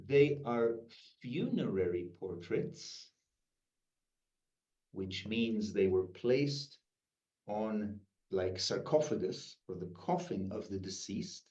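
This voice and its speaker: A man teaching a workshop, calling on participants by name and asking them questions, in a room recorded from a distance. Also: fairly low pitch. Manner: lively, questioning the group by name. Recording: roomy, distant, dull sound.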